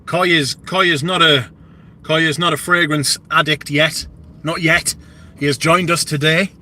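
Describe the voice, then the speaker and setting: A man's voice: a little high, fairly even intonation, measured pace, sharp tone, slight background noise. A British man hosting a livestream, chatting casually and rambling with plenty of swearing. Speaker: livestream host. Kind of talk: casual live chat.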